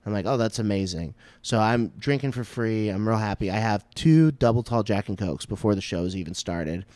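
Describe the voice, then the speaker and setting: A man, a stand-up comic, telling a story in casual chat, animated and full of swearing and "like" fillers. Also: lowish voice, moderate pace, dry recording. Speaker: stand-up comedian.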